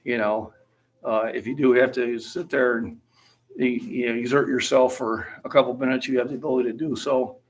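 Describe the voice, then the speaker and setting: A man in his forties hosting a relaxed, talkative gym chat, reading comments aloud. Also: mid-range voice, a little fast, breathy edge, rough recording. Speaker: host. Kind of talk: casual chat on a livestream.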